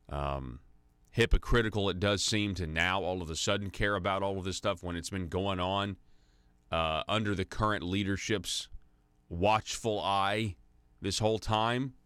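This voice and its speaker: A man hosts political talk radio, his voice low yet bright and forceful. He talks in opinionated bursts, restarting his sentences often. The sound is dry and close. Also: clear, resonant tone, no echo. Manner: opinionated, with many restarts and fillers. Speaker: radio talk show host.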